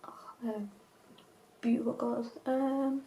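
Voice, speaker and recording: A woman's voice: fairly high pitch, level tone, measured pace, gravelly, dark tone, poor audio. A woman vlogger chatting through a makeup tutorial, chatty and self-mocking, often dropping to a whisper. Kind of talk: casual makeup tutorial chat.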